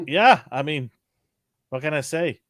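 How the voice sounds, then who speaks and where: An older man hosting a casual pop culture chat, animated and laughing often. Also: on the high side, takes it slowly, dry recording, studio quality. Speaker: podcast host.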